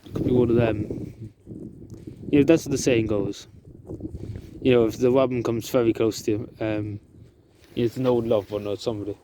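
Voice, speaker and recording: A man talking to camera outdoors in the countryside, halting and emotional, with many fillers and restarts. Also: mid-range voice, steady tone. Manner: soft-spoken and emotional. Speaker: vlogger. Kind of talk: emotional outdoor vlog talk. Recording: outdoor noise in the background.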